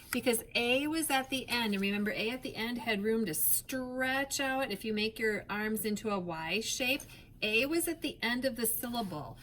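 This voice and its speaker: With a fairly high, slightly bright voice, a teacher walks young children through phonics. She's patient and clear, stretching each sound and spelling out the letters one at a time, over slight background noise.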